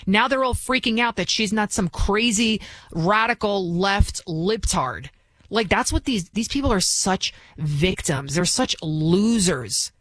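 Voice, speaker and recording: A woman's voice: medium pitch, animated, a little slow, no room sound. A woman filling in as a talk radio host, delivering a combative, scornful monologue full of restarts and asides.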